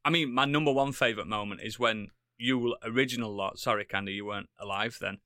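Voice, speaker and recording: A man's voice: lowish voice, quick pace, bright, forceful tone, dry recording, clean studio sound. A man co-hosting a podcast, telling stories in casual banter, often laughing and swearing. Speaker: podcast co-host.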